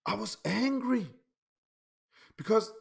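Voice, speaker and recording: A man, his voice sitting high for a man. He rants at an unhurried pace, swearing freely and stumbling over repeated words as he restarts his sentences. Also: creaky. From Denmark. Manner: swears often. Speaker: pinball YouTuber. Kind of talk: casual vlog rant.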